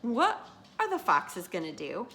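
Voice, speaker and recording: A woman reads a picture book aloud to children, stopping to quiz them like a teacher. Her voice is bright and forward with a gravelly fry, and her pitch rises and falls in animated swoops. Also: a little slow, slight background noise. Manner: expressive, teacherly, asks listeners questions. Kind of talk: read-aloud with questions to children.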